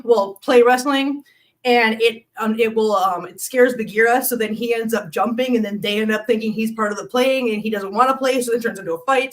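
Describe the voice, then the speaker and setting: A woman hosting a casual live stream, chatty and quick to laugh, often talking to her cats. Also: on the high side, distant mic.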